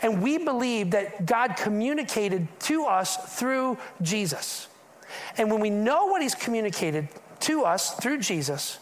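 A man's voice: high-pitched, sing-song, measured pace. A man preaching a conversational sermon as a pastor to a congregation in church, often putting questions to the listeners.

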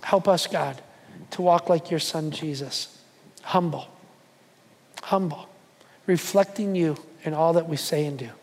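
A man preaching a sermon to a church, emphatic and repetitive, sinking into soft prayer. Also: on the high side, a little slow, long pauses, long reverb tail. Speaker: pastor. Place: church hall.

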